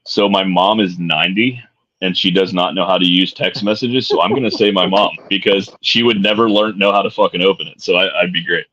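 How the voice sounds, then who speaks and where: A man's voice: sits low, fairly even intonation, fairly quick, fairly bright tone. A middle-aged man co-hosting a podcast, chatting casually with a laid-back, joking and profane manner. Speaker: podcast co-host. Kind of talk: casual chat. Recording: dull lo-fi sound.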